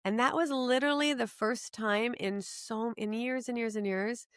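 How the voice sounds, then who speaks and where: A middle-aged woman, a podcast guest, telling her personal story in an earnest, animated way. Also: on the high side, moderate pace, clean tone, no echo, studio quality.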